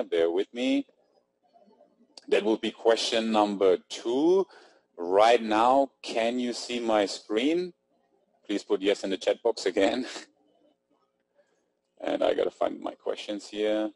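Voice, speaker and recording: Webinar host, male, German accent, low husky voice, upbeat and chatty. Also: darkish tone, no room sound, rough recording. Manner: upbeat, chatty, reads out chat names. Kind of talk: casual webinar talk. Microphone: computer mic on webinar.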